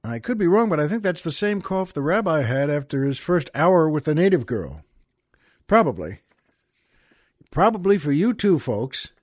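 A man hosting a show, telling a long joke in an unhurried, folksy way and laughing at his own punchlines. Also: a little high, very animated, a little mellow, no echo, clean studio sound, faint music behind. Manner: slow, folksy storyteller who chuckles at his own jokes. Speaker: podcast host. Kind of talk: joke telling and poetry reading.

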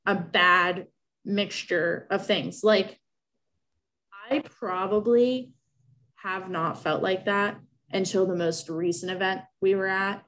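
A woman's voice: mid-range voice, fairly even intonation, slow, fairly bright tone. Young woman telling an emotional story. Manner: emotional, rambling, with many restarts. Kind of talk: casual personal storytelling.

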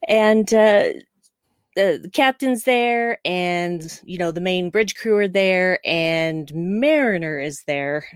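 A woman co-hosting a podcast in casual chat, talking in a chatty, animated way with quick asides. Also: on the low side, clear, resonant tone, dry recording, clean studio sound. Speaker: podcast co-host.

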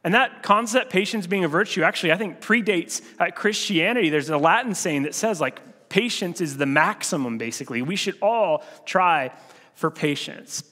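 A man giving a sermon as pastor, talking in a relaxed, conversational way with frequent filler restarts. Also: high-pitched, moderate pace. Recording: long hall reverb.

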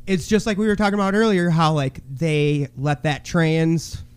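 A man co-hosting a podcast in casual chat, telling a loud, crude story and shouting the lines he quotes. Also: a little high, normal speed, clean tone. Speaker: podcast co-host.

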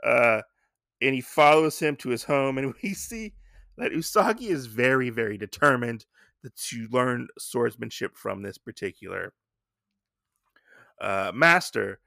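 A man's voice: medium pitch, expressive, unhurried, creaky, sharp tone, no room sound, clean studio sound. A man hosting a podcast, casually recapping a comic book in a rambling way with lots of fillers and restarts. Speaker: podcast host.

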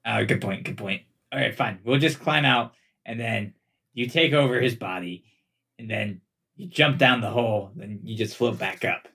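A man's voice: fairly low pitch, moderate pace, creaky, sharp tone, breathy edge. A man playing a tabletop game, joking and tossing out plans. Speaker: player. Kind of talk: casual tabletop chat.

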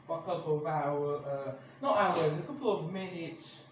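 Man ranting on a podcast, high voice, angry and swearing, echoey room, noticeable background noise. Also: normal speed. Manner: angry, swears a lot, many restarts. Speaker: podcast host. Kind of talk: casual ranting monologue.

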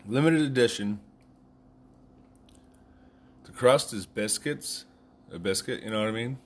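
A man's voice: medium pitch, a little slow. A man recording a casual, rambling video message just after waking from a nap, talking while eating. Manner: rambling, loose and just-woken. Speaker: vlogger.

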